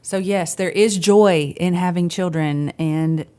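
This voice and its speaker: A woman's voice: fairly low pitch, takes it slowly, dark tone. A woman hosting a talk show, welcoming listeners back and putting questions to her guest. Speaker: podcast host.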